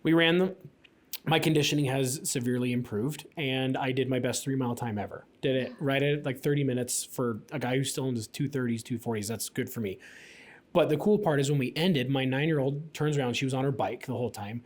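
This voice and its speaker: A man's voice: medium pitch, brisk. A man in his thirties, co-hosting a podcast, telling a personal story in a chatty way full of fillers. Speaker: podcast co-host. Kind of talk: casual podcast conversation.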